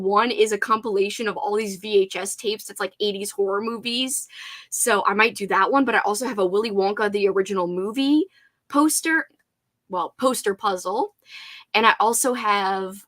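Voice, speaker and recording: A young woman hosting a casual livestream, chatting warmly and reading viewer comments aloud. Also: medium pitch. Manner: bubbly, chatty, talks baby-talk to her dog. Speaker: livestream host.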